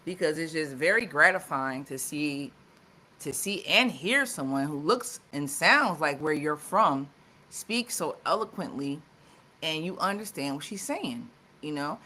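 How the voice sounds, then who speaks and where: A woman's voice: low-pitched, animated, unhurried, bright, forceful tone. A woman co-hosting a live talk show, chatting casually with lots of fillers and restarts. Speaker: co-host.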